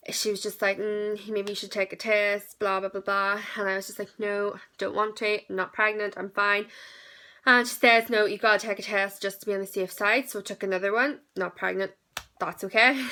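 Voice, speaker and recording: A woman's voice: mid-range voice, sharp tone. A young woman in her late teens, telling a personal story in a chatty, candid vlog with lots of fillers. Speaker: vlogger.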